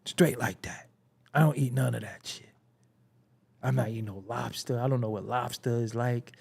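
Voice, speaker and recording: A man with a mid-range voice hosts a hip-hop commentary show, ranting at a normal speed with vocal fry and a breathy edge. He's casual, profane, and comedic, laughing often and tossing in mocking imitations as he gets animated.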